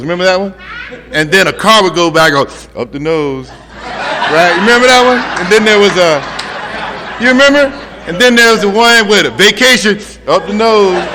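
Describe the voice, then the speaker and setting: A man's voice: on the high side, bright, forceful tone. A middle-aged man telling his recovery story to an audience, conversational and humorous, talking straight to the crowd. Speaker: speaker sharing a recovery story. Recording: long hall reverb, faint ambient noise.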